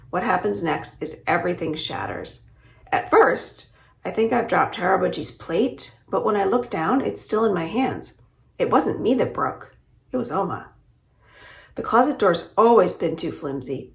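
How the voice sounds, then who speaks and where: A woman librarian reading the first chapter of a middle-grade novel aloud, with expressive, lively storytelling. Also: on the low side, gravelly. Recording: roomy echo.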